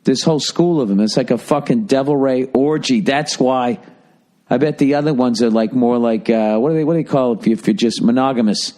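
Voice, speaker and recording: A man hosting his own podcast, rambling alone and thinking out loud with constant swearing as he riffs on whatever he's looking at. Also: mid-range voice, a little fast. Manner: profane, riffing, thinking out loud. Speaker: podcast host. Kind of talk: rambling solo podcast monologue.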